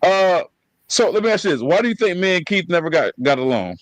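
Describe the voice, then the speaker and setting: Animated man telling family stories. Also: sits high, a little fast, no room sound, poor audio. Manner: profane, animated storytelling with laughs. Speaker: podcast host. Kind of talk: casual conversation with his brother.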